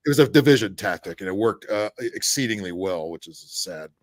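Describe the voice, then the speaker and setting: A man's voice: fairly low pitch, expressive, no echo. A man in casual chat, swearing often and restarting his sentences. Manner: profane, halting with repeated restarts.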